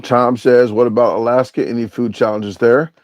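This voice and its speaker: A man's steady, medium-pitched voice moves at a normal speed with no echo. Hosting a casual live stream, he reads viewers' comments and replies in a meandering, uncertain manner full of filler sounds.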